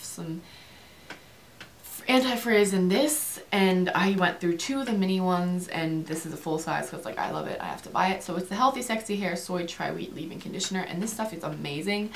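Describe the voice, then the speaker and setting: Young adult woman, chatty vlogger, low-ish voice, talks fast and rambles, faint background noise. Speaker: beauty vlogger. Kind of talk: casual chit-chat.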